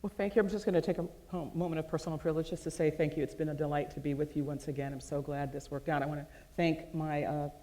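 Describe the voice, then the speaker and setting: A woman's voice: deep voice, fairly even intonation, fast talker, few pauses, dark tone. A woman moderating an onstage interview, speaking in a gracious, conversational way as she thanks people and poses a closing question. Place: large event hall with audience. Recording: long hall reverb.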